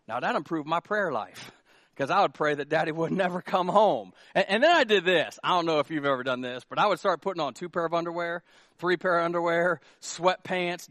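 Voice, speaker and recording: High-voiced joking male pastor. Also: fairly bright tone, no room sound, studio quality. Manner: joking, conversational preaching with rising emphatic peaks. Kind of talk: sermon. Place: church sanctuary.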